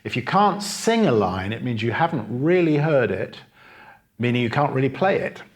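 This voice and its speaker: A middle-aged man, giving a patient, explanatory piano masterclass and pausing to play examples. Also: medium pitch, sing-song. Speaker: piano teacher. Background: piano playing between phrases.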